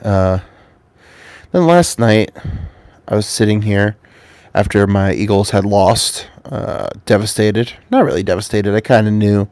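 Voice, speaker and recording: A man's voice: fairly low pitch, a little slow, darkish tone, no room sound. A man telling a rambling, profane story to camera at home, getting over a cold. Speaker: vlogger.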